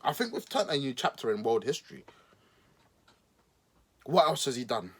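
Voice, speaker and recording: Husky sarcastic man on a podcast. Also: mid-range voice, normal speed. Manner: mocking, animated, playful voices for emphasis. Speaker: podcast host. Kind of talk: sarcastic political commentary monologue.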